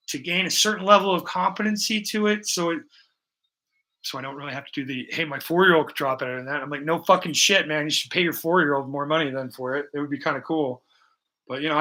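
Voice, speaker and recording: A man's voice: a little high, pushed and bright, poor audio. A man hosting a casual live stream, rambling and swearing freely as he chats with his viewers. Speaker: livestream host.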